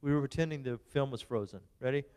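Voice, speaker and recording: A man's voice: medium pitch, quick pace, darkish tone, clean tone. A man, a youth pastor, hosting a game night for kids in a playful, teasing, bossy way. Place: church hall. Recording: long hall reverb.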